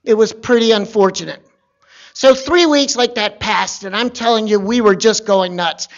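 Male storyteller with a gravelly voice, dry wit and deadpan asides, on a muffled recording. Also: sits high, moderate pace. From Virginia. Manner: wry, conversational, deadpan asides. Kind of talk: personal storytelling.

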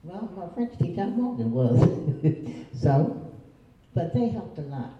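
A woman's voice: on the low side, big pitch swings, a little slow, slight background noise. An older woman, a retired teacher, telling her own family memories in a folksy, chuckling way. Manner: chuckling, folksy, plays other voices. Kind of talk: oral history storytelling. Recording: distant, roomy, dull lo-fi recording.

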